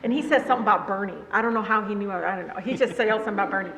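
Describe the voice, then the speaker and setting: A woman with a bright, forceful voice tells lively stories to a listening crowd. She laughs as she talks and acts out relatives' voices. The sound carries a long hall reverb with a faint hum underneath. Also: mid-range voice, racing. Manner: animated, laughs while telling stories, voices family members. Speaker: guest speaker, politician. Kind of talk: conversational storytelling to a live audience.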